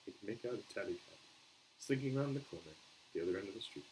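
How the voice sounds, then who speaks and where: A man's voice: on the low side, expressive, fast, a little mellow, a little hiss or hum, rough recording. A man reading a children's novel aloud in a casual, unpolished way, with small slips and restarts. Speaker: show host reading aloud.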